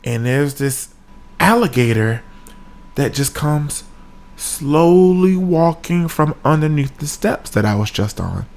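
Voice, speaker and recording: Animated man telling a comic story. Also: measured pace. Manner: animated, sudden high-pitched exclamations. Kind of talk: comedic story time. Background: faint music.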